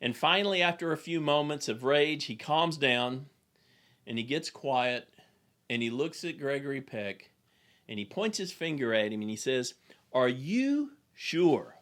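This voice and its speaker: A man gives a recorded lesson on leadership as an executive coach. He talks in an earnest, plain and direct way, like someone telling a story. His voice sits at an ordinary middle pitch. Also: normal speed, a bit bright.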